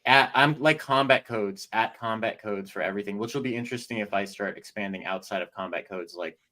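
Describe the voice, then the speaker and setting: A man, an author and jiu-jitsu instructor, chatting casually as a podcast guest, animated and laughing a lot. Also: lowish voice, a little fast. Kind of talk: casual interview chat.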